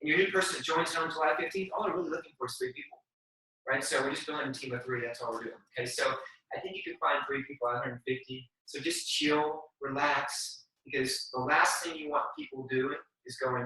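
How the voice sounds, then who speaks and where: A man in his forties giving a motivational training talk to a group, energetic and slangy, acting out quotes as he goes. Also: medium pitch, a little fast. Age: 40s. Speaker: sales team trainer. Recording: very echoey room, mic at a distance.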